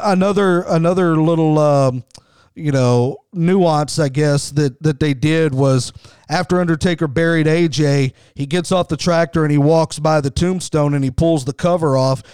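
Hosting a wrestling podcast, a middle-aged man talks with loose, conversational enthusiasm and frequently restarts his sentences. His voice is a bit higher than most men's, smooth, clear and darkish in tone, recorded dry and close with no room sound.

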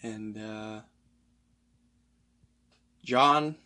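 A man hosting a solo podcast, rambling excitedly and profanely through a movie recap. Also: lowish voice, drawn-out words. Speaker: podcast host.

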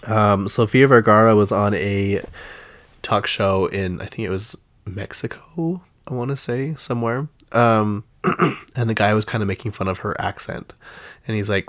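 A man's voice: lowish voice, moderate pace, a bit bright. A man with a Utah accent hosting a casual pop-culture chat, chatty and easily exasperated, with lots of fillers. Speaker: podcast host.

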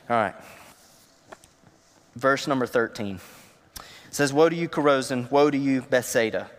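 A pastor preaching a conversational sermon from a church stage. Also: male voice, on the high side. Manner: conversational preaching with Southern phrasing. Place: church auditorium. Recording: long reverb of a large hall.

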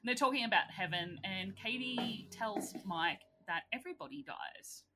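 A woman's voice: mid-range voice, moderate pace, over loud music. A woman co-hosting a casual film recap, blunt and swearing freely as she retells scenes. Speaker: podcast co-host.

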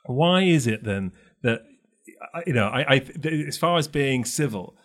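A middle-aged man from London, with a London accent, co-hosts a casual chat at a measured pace and medium pitch. He tells his stories animatedly, voicing the characters in them.

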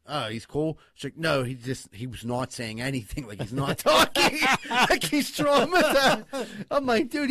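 A man telling a wild story in casual podcast chat, cursing often, laughing and talking excitedly. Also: medium pitch, no room sound. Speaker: podcast co-host.

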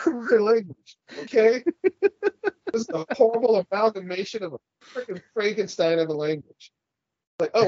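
A man's voice: high voice, dry recording, highs cut off. A man co-hosting a casual podcast, ranting and swearing as he argues his point. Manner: profane, ranting, argumentative. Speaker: podcast co-host.

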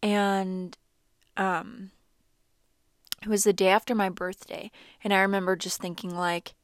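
A woman's voice: medium pitch, a little slow, clear, resonant tone, dry recording, clean studio sound. A young woman vlogger telling a personal story in a chatty, casual way, full of "like" fillers. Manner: chatty, animated, many "like" fillers.

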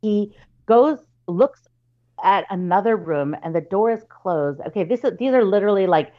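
A woman's voice: medium pitch, lively intonation, normal speed, narrow, tinny audio. A woman telling a spooky family story in casual chat, with plenty of fillers and restarts, and acting out her relatives' lines. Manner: chatty, many fillers and restarts, acts out relatives' voices.

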